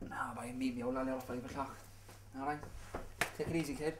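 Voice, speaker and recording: An actor with a Cork accent playing a brash young rival lover who swears constantly. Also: male voice, fairly high pitch, fast talker, natural voice. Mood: glum. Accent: Cork Irish. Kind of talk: film acting. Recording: noisy recording.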